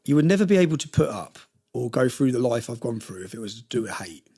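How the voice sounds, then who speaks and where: A man's voice: mid-range voice, big pitch swings, quick pace, warm tone, slightly rough. A man telling personal stories in an interview, passionate and rambling with frequent restarts. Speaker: interview guest. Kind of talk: emotional personal storytelling.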